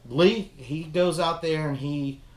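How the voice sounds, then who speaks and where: A man's voice: fairly high pitch, slow, echoey room. A young man casually chatting as a film review host, rambling and swearing as he retells scenes. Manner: rambling, profane, animated retelling. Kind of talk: casual chat.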